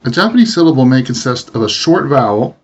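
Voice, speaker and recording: Male teacher voice, mid pitch, steady explanatory read, slightly muffled audio. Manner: measured explanatory reading. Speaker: language teacher. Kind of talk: instructional narration. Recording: dull lo-fi voice recording.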